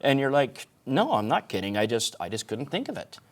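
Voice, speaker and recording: A man's voice: mid-range voice, sing-song, a little fast. A man speaking earnestly in a casual panel discussion among instructors, restarting some sentences.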